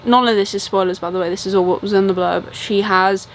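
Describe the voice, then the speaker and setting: A woman's voice: medium pitch, fairly even intonation, fast, slight background noise, low-quality recording. A young British woman with a British accent chatting casually through a reading update, rambling with lots of ums and likes. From Britain. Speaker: book vlogger.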